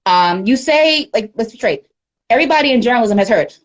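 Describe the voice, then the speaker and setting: A woman speaking as a guest in a casual livestream interview, candid and animated, often laughing, on a phone or webcam mic. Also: a little high, a little fast, dull audio. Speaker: guest media professional.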